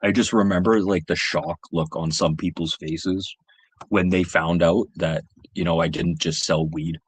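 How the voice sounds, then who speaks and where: Low-voiced man swearing through stories. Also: a little slow, slight background noise. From Canada. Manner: profane, rambling, animated anecdote-telling. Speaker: livestream host. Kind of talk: casual storytelling. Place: home livestream setup.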